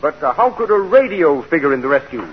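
A man playing a polite, wealthy, refined gentleman in a 1940s radio sitcom, courteous and formal. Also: on the high side, very animated, quick pace, slightly rough, lo-fi sound. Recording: hissy old radio recording.

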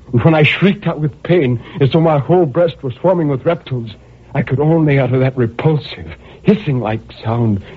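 Radio drama: a tormented imprisoned murderer, husky, intense, brooding to anguished; old tinny broadcast sound. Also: male voice, deep voice. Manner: intense, surging from brooding murmurs to anguished cries. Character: tormented male murderer pacing his prison cell.

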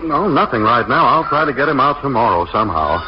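An actor playing a wisecracking, harried young husband who trades wry, quick jokes in 1940s radio comedy. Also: male voice, mid-range voice, big pitch swings, close to an everyday voice. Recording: old radio broadcast recording, dull with faint hiss.

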